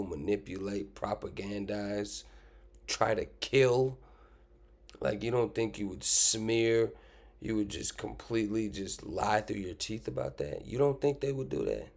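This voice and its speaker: A man with a fairly low voice reacts to clips in a loose, casual way. He talks bluntly and swears freely, pressing his point with one rhetorical question after another. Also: a little mellow.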